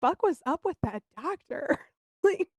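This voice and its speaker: A woman co-hosting a podcast, telling candid, animated stories in casual chat and swearing now and then. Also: high-pitched, unhurried, vocal fry, dry recording. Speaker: podcast co-host.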